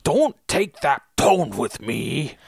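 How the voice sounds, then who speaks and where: A woman's voice: low-pitched, big pitch swings, creaky, a little mellow, slightly rough, dry recording, clean studio sound, exaggerated voice. A woman voicing a stern ancient male demon father, scolding in a podcast read-along. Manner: scolding, drawn-out delivery.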